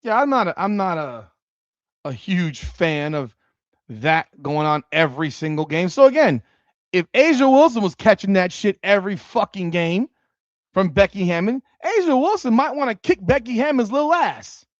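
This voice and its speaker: This is a sports commentary host in full rant mode, swearing freely and getting worked up. The voice swings widely in pitch. The audio is dull, lo-fi and dry. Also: moderate pace, no room sound. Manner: profane, heated and animated. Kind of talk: ranting livestream commentary.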